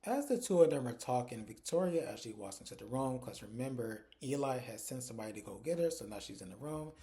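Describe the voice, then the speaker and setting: A man's voice: medium pitch, expressive, fast talker, warm tone. A man giving a casual, chatty recap of a TV episode, stringing the events together with "and so" and "like". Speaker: TV episode reviewer.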